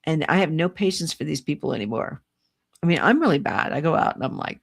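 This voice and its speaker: A woman's voice: low-pitched, expressive, quick pace, gravelly, breathy edge. An older woman speaking as a psychic reader on a casual livestream, rambling and exasperated, with restarts and little laughs.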